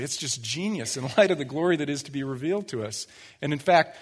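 Speaking in a somewhat high voice, a pastor delivers a chatty sermon in a church sanctuary, tossing in rhetorical asides and humorously acting out small quoted voices. A long reverb tail follows his words.

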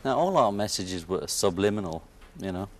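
A man's voice: deep voice, animated, moderate pace. A man from Liverpool with a Liverpool accent, a guest on a television talk show, chatting in a wry, joking way and laughing often. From Liverpool, England. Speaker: guest musician. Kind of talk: casual talk show chat. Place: television studio set.

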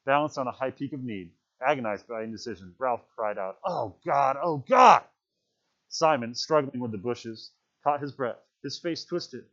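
Man reading an audiobook, steady mid voice, kinda dull lo-fi sound. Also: medium pitch, normal speed, hardly any pauses. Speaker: audiobook narrator. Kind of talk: scripted narration. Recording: dull lo-fi recording.

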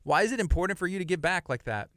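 A man hosting a casual interview, easygoing and quick to laugh. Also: sits high, expressive, fairly bright tone, no echo, clean studio sound. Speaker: host.

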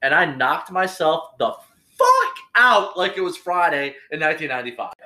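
A man's voice: a little high, huge pitch swings, moderate pace, pushed and bright. A man in his forties, a podcast co-host telling rambling, profane stories in casual chat. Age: 40s. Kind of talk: casual crude comedy chat.

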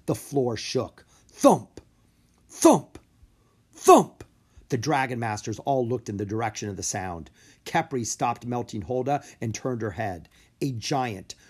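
A man narrating a children's book aloud in an expressive storytelling way. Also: medium pitch. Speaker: audiobook reader.

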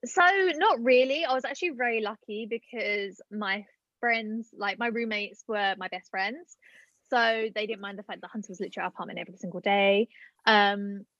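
At normal speed and a medium pitch, with a slightly bright tone, a young British podcast guest chats casually through a story. Plenty of "like" and "um" fill her talk, and the recording is dry, dull, and lo-fi.

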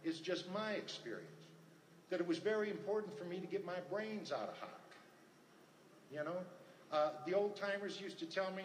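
A man's voice: high voice, lively intonation, normal speed, slight background noise. An older man giving earnest personal testimony at a recovery meeting, telling stories and repeating his phrases. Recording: echoey hall, faint ambience.

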